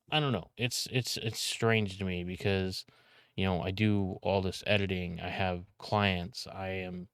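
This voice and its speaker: A young man ranting casually to camera about content creation, talking loudly with frequent restarts and some swearing. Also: low-pitched, smooth, no echo, clean studio sound. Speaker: content creator and video editor. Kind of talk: casual vlog rant.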